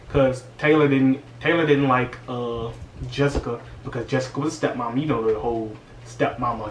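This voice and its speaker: A man's voice: medium pitch, slight background noise. Man, casual slangy movie recap, exasperated, distant mic, roomy echo. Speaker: movie reviewer.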